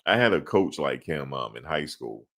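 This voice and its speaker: A man's voice: extremely low pitch, sing-song, moderate pace, fairly bright tone. A man co-hosting a sports podcast in casual chat, slangy and laughing often.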